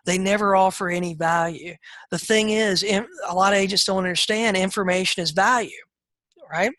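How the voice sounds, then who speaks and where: Middle-aged male sales trainer, folksy and direct, bright tone, dry close sound. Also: sits high, steady tone, moderate pace, dry recording. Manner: direct, folksy, acts out seller calls in a raised voice. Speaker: real estate sales trainer. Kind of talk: live webinar coaching.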